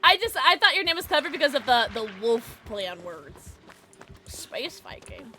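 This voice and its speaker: A woman streaming a game, chatting casually with viewers in an excitable way, with sudden high yelps and laughs. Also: moderate pace. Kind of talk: casual livestream chat while gaming. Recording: game music behind the voice. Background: game music.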